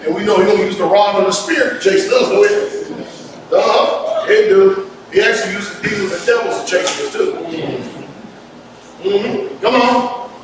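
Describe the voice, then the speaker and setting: A man preaching a sermon as pastor, lively and folksy, with call-and-response and sudden shouts. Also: high voice, moderate pace, background noise. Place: church hall. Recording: echoey hall from far off. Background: congregation laughter.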